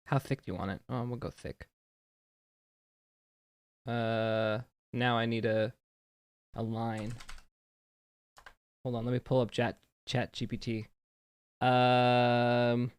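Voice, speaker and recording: A young adult streamer chatting live, excitable, jumping between mumbled asides and loud outbursts, with keyboard typing behind. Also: medium pitch, slow pace, pauses often, a little hiss or hum.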